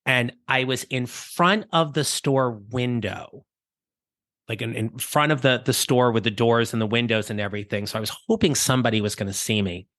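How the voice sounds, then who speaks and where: A man's voice: mid-range voice, moderate pace, a bit bright, dry recording, studio quality. A man hosting a career coaching podcast, telling a personal story in a reflective, conversational way with small restarts.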